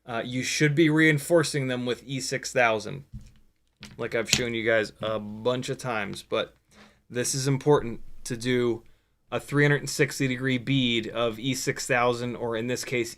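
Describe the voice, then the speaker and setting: A man's voice: medium pitch, a bit bright. Casual rambling man hosting a livestream. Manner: loose and rambling, casual swearing, dry sarcasm. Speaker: livestream host building a drone. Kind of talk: casual livestream chat, reading viewer questions.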